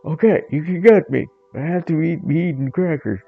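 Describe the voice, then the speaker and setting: A man putting on a high, whiny male cat, far above his own register, loud and insistent as it begs nonstop for crackers. The cat sounds dim and single-minded. The recording is slightly dull and lo-fi. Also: normal speed, vocal fry, slightly rough, faint music behind. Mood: whiny, pleading.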